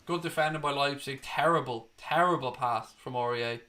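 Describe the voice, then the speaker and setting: A man's voice: mid-range voice, moderate pace, bright, forceful tone. A young Irish man from Ireland hosting a football watchalong, giving live play-by-play mixed with blunt, sweary opinions and bursts of outrage. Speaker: watchalong host. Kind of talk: live match commentary and chat.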